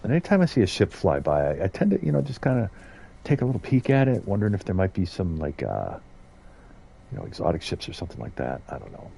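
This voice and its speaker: A man's voice: sits low, very animated, fast, creaky, mellow, breathy edge. A middle-aged man from the United States giving rambling, casual commentary as he streams a game and chats to viewers. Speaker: gaming streamer.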